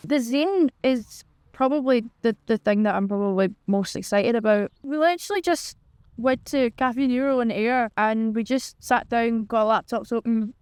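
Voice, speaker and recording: A woman's voice: a little high, a little mellow, clean tone, dry recording. A woman, a musician and photographer, chatting in a documentary interview with loose filler words.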